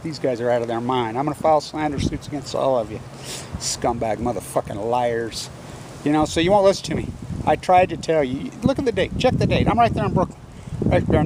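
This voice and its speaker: A man with a notably high voice delivers a furious, profanity-heavy rant straight to his viewers. He rambles from claim to claim, cursing constantly. A faint hum of background noise sits under his voice. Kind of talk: angry profane rant to camera.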